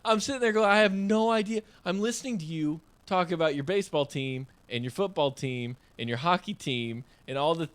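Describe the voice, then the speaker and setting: A man's voice: a little high, a little fast, few pauses, a bit bright. A man co-hosting a podcast in casual chat, rambling and self-deprecating. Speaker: podcast co-host.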